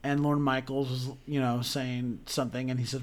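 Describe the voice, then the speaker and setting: A man co-hosting a podcast, talking about theater in an animated, emotional way with lots of restarts. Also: medium pitch, moderate pace. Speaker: podcast co-host.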